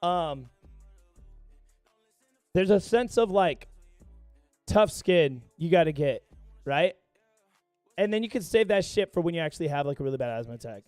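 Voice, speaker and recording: A man's voice: fairly high pitch, animated, normal speed, pauses often, darkish tone, smooth, no room sound, faint music behind. A young man streaming live, chatting casually with viewers and telling a rambling story full of profanity. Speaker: gaming livestreamer.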